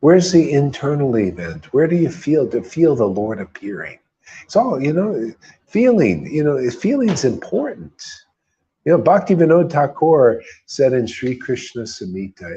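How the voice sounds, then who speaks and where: A man's voice: mid-range voice, big pitch swings, normal speed, dark tone, breathy edge. Emphatic man giving a spiritual talk, lo-fi. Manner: emphatic, repetitive, rhetorical questions. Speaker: devotional group leader.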